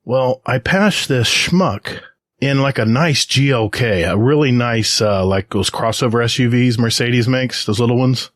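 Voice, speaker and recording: A man's voice: medium pitch, unhurried, dry recording, clean studio sound. A middle-aged American man, a podcast co-host, telling a story in casual chat and acting out the voices of people in it. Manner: animated anecdote with quoted voices. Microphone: podcast microphone.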